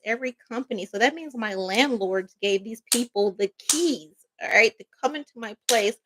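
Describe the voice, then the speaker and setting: A woman's voice: on the high side, fairly bright tone. A woman vlogger telling a personal story in a casual storytime monologue, rambling, emphatic and swearing freely.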